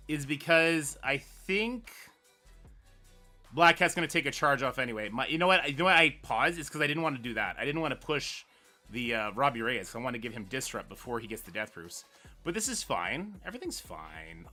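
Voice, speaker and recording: A man streaming live gameplay, talking through his moves and ranting loudly at the game when it goes wrong. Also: medium pitch. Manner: excitable, swearing rants at the game; mutters strategy half to himself.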